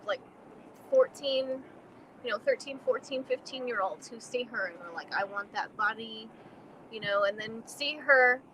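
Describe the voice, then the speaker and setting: Woman, casual podcast chat, lots of "like" fillers, higher voice, steady background hiss. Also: normal speed, low-quality recording. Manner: talkative, full of "like" fillers, earnest. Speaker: podcast co-host.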